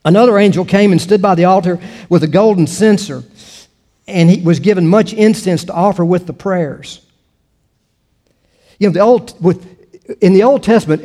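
A man's voice: sits high, warm tone. Conversational older male preacher. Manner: conversational, with repeated restarts and rhetorical questions. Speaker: pastor. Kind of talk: sermon.

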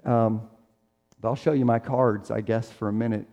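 A man's voice: mid-range voice, fairly even intonation, normal speed, dark tone. Man preaching in an echoing hall. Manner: conversational preaching with acted-out quotes. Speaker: pastor. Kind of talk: sermon. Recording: long reverb of a large hall.

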